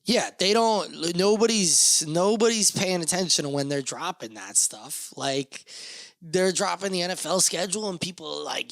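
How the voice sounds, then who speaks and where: A man's voice: high-pitched, moderate pace, creaky, a bit bright, no room sound. A young man with a slightly raised voice rambles through his podcast monologue. He jokes, swears freely and pokes fun at himself. The sound is close and dry, with no room around it. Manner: rambling, profane, joking, self-mocking. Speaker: podcast host.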